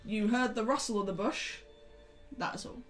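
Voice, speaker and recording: A woman guiding her players through a tabletop session. She explains the rules calmly and patiently, with the odd stumble and restart. Music plays loudly in the background. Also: a little high, moderate pace. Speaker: dungeon master. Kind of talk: running a tabletop game session. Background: music playing in the background.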